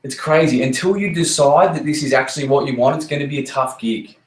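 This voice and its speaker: A man's medium-pitched voice moves fairly quickly as this network marketing team leader gives a swearing, blunt motivational talk to his team. Repetition and punchy emphasis drive each point, and the meeting room adds echo to the recording.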